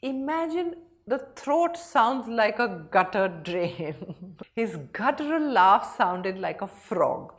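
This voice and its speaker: A young woman runs a vocabulary lesson. She explains each word lively and animated, talking with her hands. Her pitch sits at a middle level for a woman. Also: takes it slowly. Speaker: English vocabulary teacher.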